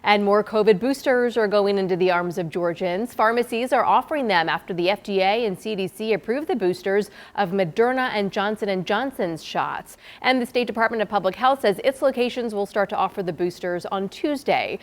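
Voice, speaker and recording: A woman's voice: medium pitch, fairly quick, few pauses. Female morning news anchor. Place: TV studio.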